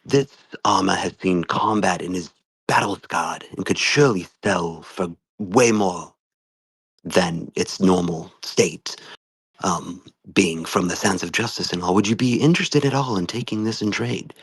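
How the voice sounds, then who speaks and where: A man voicing a male adventurer who speaks for his group, flattering and persuading a merchant. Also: sits low, unhurried, slightly rough, no room sound, exaggerated voice. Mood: persuasive. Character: smooth-talking male adventurer, the group's spokesman.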